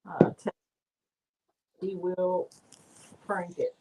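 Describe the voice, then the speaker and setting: A woman's voice: lowish voice, flat delivery, drawn-out words, warm tone, breathy edge, poor audio. A woman chatting casually with friends, telling teasing stories and laughing often. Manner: giggly, teasing storyteller. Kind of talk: casual chat among friends.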